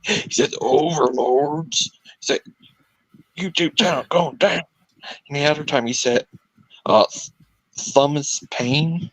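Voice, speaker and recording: A man in a mid-range voice speaks slowly and keeps breaking into giggles between his phrases. His voice sounds close and dry, with no room around it. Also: fairly high pitch, a bit bright, no room sound, rough recording. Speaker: guest. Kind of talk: casual conversation.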